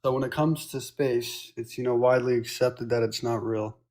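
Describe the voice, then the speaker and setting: A man's voice: mid-range voice, fairly even intonation, moderate pace, darkish tone. A man calling in to a live debate who answers in a flippant, dismissive, trolling way. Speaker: caller. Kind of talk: casual call-in debate.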